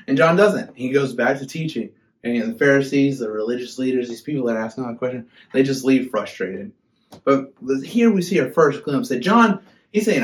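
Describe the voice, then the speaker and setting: Young male youth pastor, mid-pitched, chatty humorous sermon delivery. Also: fairly quick. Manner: chatty, sassy, humorous, animated. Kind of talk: casual sermon.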